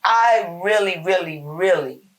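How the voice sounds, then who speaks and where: Woman host, folksy devotional preacher; unhurried, deliberate, lower pitch. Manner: slow, emphatic, folksy preaching with repetition. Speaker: host giving a short Bible talk. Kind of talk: informal spoken devotional.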